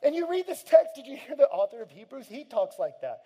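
A man preaching a sermon, swinging between quiet, gentle passages and loud, emphatic shouting. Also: very high-pitched, sing-song, fairly quick, husky. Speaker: pastor.

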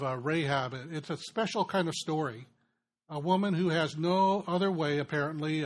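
A man delivers a sermon in an earnest, explanatory way. His voice sits a little high for a man. He gets animated and rises in pitch when he voices the Bible's figures. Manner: earnest, builds with rising excitement in quoted passages. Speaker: preacher.

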